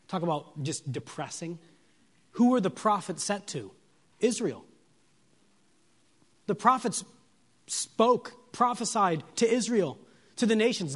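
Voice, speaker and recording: A male preacher delivers an expository sermon at an unhurried pace, his voice sitting a little high for a man. He lingers on single words for weight and keeps asking the congregation rhetorical questions. He swings from hushed, low phrases to raised, emphatic declarations. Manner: asks the listeners rhetorical questions; moves between soft, low lines and raised, emphatic ones.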